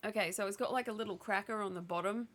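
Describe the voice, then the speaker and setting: A woman's voice: mid-range voice, fast talker, a bit bright. A woman co-hosting a casual stream, chatting about snacks and teasing her partner. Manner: chatty, laughs often, teasing. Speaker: co-host. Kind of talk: casual snack-tasting chat.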